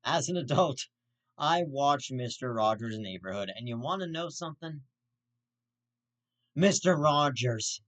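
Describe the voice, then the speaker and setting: A man's voice: animated, normal speed, a bit bright. Swearing man ranting as a vlog host. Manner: swears constantly, jumps in pitch when outraged. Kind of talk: profane vlog rant.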